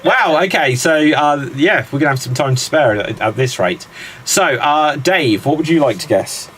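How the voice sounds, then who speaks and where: A man hosts a live guessing game with an upbeat, teasing delivery. His voice sits in an ordinary middle pitch. A faint hiss sits under the recording. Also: lively intonation, normal speed, a bit bright, poor audio. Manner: upbeat, teasing, laughs often. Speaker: quiz host. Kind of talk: live game show hosting.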